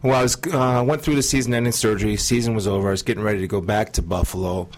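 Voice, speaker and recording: Deep-voiced man telling a testimony. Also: fairly even intonation. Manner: earnest, measured storytelling with frequent pauses. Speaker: guest sharing testimony. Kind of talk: personal testimony in interview.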